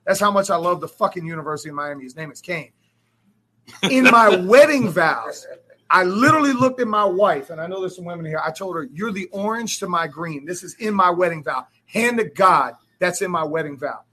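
Man, 40s, fired-up crowd speech, high-pitched and bright-toned. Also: expressive, brisk. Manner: emphatic storytelling, swears freely, rises to shouts.

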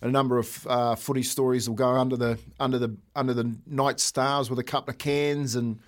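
A man in his thirties co-hosting a sports breakfast show, an animated storyteller who says mate a lot. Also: mid-range voice, a little fast. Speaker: sports radio co-host, former player. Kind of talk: casual sports chat, storytelling.

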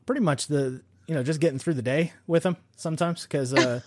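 A man's voice: on the high side, a little fast, a little mellow, no room sound. A father of two in casual chat, telling stories with easy chuckles.

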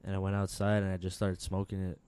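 A man co-hosting a podcast, telling a rambling story full of swearing and slang, laughing often, relaxed and high. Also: fast talker, clear, resonant tone. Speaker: podcast co-host. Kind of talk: casual chat.

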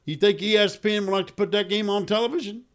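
A man putting on the high, drawling Texas accent of a pushy male caller. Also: fast talker, fairly bright tone. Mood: insistent. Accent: Texan.

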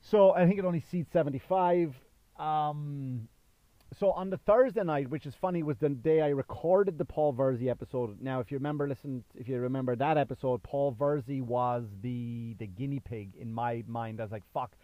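A man in his thirties, originally from Ireland, hosts his own podcast as a stand-up comedian, and his Irish accent has faded after years in the US. His mid-range voice moves at normal speed in a casual solo monologue that rambles, full of fillers and restarts. The recording is muffled, with no room sound.

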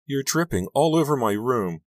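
A man's voice: medium pitch, expressive, normal speed, no echo, voice pushed up, close to an everyday voice. A man voicing a heartbroken teenage girl who sobs and wails, in an audiobook. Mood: tearful. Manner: sobbing, wailing. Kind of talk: audiobook character voice.

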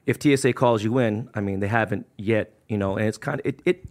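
A man's voice: on the low side, a little mellow. A man from telling stories in casual chat, full of slang and swearing. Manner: fast storytelling, heavy slang and profanity. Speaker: podcast guest, business owner.

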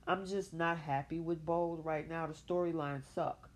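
A woman's voice: low-pitched, moderate pace. A woman hosting a soap opera recap show solo, talking animatedly and opinionatedly, with a casual style. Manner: animated, opinionated, speaks for characters in her own voice. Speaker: podcast host.

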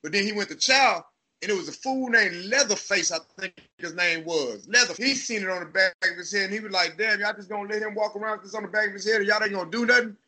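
A man with a Texas accent tells stories in a loose, profane, animated way, acting out the voices of others. His voice sits high and rings very bright and forward. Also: fast. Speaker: podcast host. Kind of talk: casual storytelling chat.

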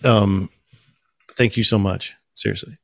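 A man hosting a casual chat, telling stories in an animated way and acting out quotes. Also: fairly low pitch, unhurried, creaky, dry recording, studio quality. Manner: animated storytelling, acts out quotes. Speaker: podcast host.

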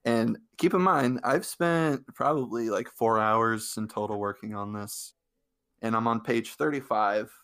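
A man's voice: on the low side, measured pace, fairly bright tone. A young man co-hosting a casual podcast, a new father, talking in an easygoing way and laughing often. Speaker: podcast co-host.

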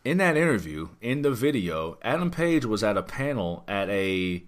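Speaking at a normal speed in a lowish voice, a very animated man hosts a podcast. He chats casually about wrestling news, rambling and emphatic, throwing in many rhetorical questions.

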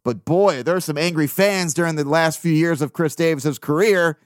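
A man's voice: fairly high pitch, normal speed, no room sound, studio quality. Profane ranting sports podcast man. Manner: blunt, profane, venting, with mocking put-on quotes. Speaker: podcast host. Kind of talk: casual sports rant.

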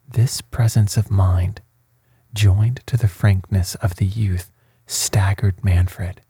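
A man reading a bedtime story in a calm, soft voice, slow and unhurried. His voice is low, dark and husky with a breathy edge, and the sound is close and dry. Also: no echo. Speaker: sleep story reader.

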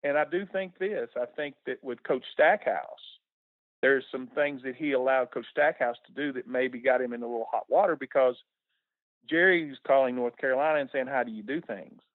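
A man's voice: mid-range voice, moderate pace, dry recording. A middle-aged man, a former coach talking casually in a radio interview, folksy and repeating words when moved. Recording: tinny phone line on radio.

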